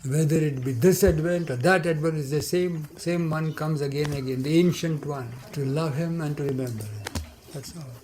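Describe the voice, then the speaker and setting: A man's voice: on the high side, moderate pace, a little mellow, a little hiss or hum. An older man telling a remembered story in a rambling way, full of trailing asides and restarts. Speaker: devotee recounting memories. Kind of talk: rambling spoken reminiscence.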